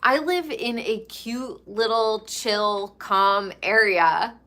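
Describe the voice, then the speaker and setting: A woman from New York gossiping in a casual, chatty way. She talks slowly and lingers on words for emphasis, with a pitch in the middle range. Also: sharp tone. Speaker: pop culture commentator. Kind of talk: casual chat.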